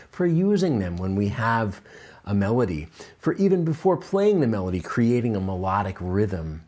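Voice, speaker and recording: A man with a fairly low voice gives a piano lesson on video. He sounds enthusiastic and encouraging, and he pauses on fillers and restarts as he explains musical ideas. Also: a little mellow. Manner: enthusiastic, encouraging, counts and scats rhythms aloud. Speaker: piano teacher.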